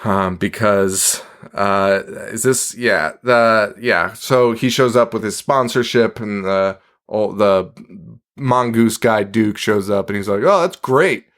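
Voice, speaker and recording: A man's voice: on the low side, fairly even intonation, takes it slowly, a bit bright. A man co-hosting a podcast, recapping a movie in casual chat, swearing often, laughing a lot and acting out lines from the film. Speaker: podcast co-host.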